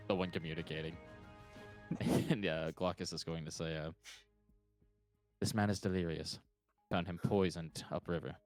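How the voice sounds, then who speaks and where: A man with a very low voice plays a tabletop role-playing game. He talks through his character's moves with hesitant fillers, and faint music plays behind. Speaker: player.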